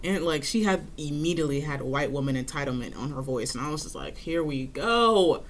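A young woman in casual chat, telling an animated, swearing story about her library desk job and acting out callers in a high voice. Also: fast, slight background noise. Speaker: library circulation desk worker.

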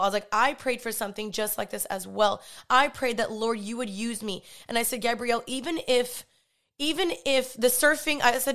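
A woman giving a personal faith testimony, retelling a conversation in an animated, earnest way and often quoting herself. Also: on the high side. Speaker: Christian vlogger and podcaster.

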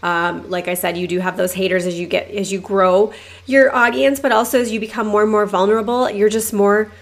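A woman hosting a podcast, talking casually and acting out her own thoughts in hushed asides. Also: mid-range voice, fairly even intonation, fairly quick. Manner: chatty, lots of "like", acts out inner voices in whispers. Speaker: podcast host. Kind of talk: casual motivational monologue.

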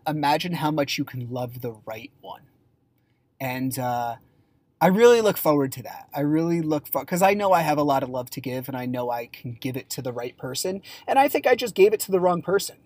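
Emotional, halting man on a solo podcast. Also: on the high side, darkish tone, dry recording. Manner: halting and emotional, with many fillers and restarts; candid, sometimes blunt and profane. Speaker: podcast host. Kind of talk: raw solo confessional podcast talk.

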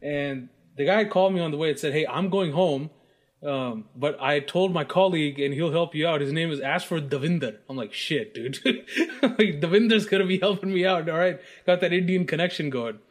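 A man from the United States, co-hosting a podcast, shares a laid-back, laughter-filled story peppered with profanity. His voice runs on the high side at a moderate pace.

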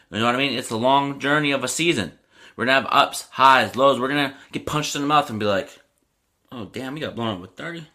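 Bright-voiced man ranting about sports. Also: mid-range voice. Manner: animated, ranting, lots of "you know what I mean". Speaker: sports podcast host. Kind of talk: casual sports talk.

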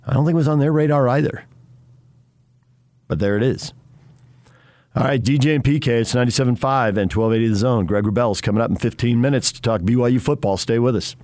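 A man's voice: medium pitch, a little fast, a little mellow, dry recording. Chatty male sports radio host. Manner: chatty, teasing, laughs often. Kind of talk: casual radio chat.

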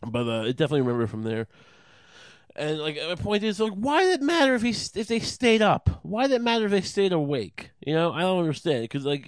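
A man's voice: fairly high pitch, sing-song, quick pace, dry recording, studio quality. A man rambling through a profane, sarcastic comedic monologue, full of restarts and asides.

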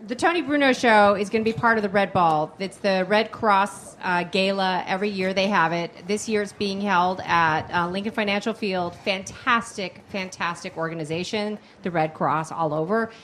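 A woman's voice: mid-range voice, normal speed, hardly any pauses, fairly bright tone. Teasing woman co-host, faint noise. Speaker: radio co-host. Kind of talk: casual show banter.

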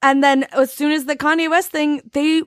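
A woman's voice: high voice, little pitch movement, normal speed, dry recording, studio quality. A woman co-hosting a podcast in casual chat, talkative, swearing casually and laughing often. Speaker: podcast co-host.

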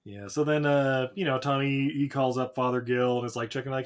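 A man's voice: mid-range voice, steady tone. Laughing man recapping a film. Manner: joking, acts out scenes in quick voices, laughs often. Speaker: podcast co-host. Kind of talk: casual chat recapping a movie.

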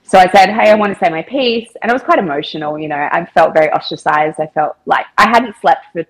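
A woman talks as a podcast guest, recounting events in a loose, chatty way. Her voice is husky and slightly breathy and sits on the lower side, and she fills her speech with casual filler words. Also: fast, rough recording. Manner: chatty, with frequent filler words and quoted dialogue. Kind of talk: casual storytelling interview.

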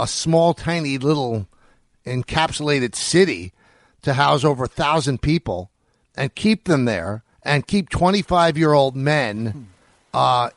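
A man co-hosting a sports radio show, thinking out loud and weighing ideas with many restarts. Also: medium pitch, no room sound. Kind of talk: casual sports radio discussion.

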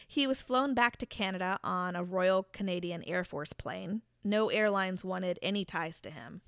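A woman's voice: fairly low pitch, normal speed, creaky, a bit bright, no room sound, studio quality. A woman casually retelling a true crime case to a friend, building to dramatic reveals with restarts and fillers. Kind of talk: casual storytelling chat.

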